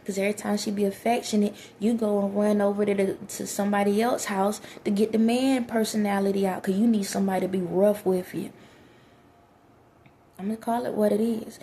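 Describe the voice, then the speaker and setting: A woman's voice: mid-range voice, gravelly, dark tone, a little hiss or hum. A woman, giving blunt, preachy relationship advice straight to her listeners in a casual monologue.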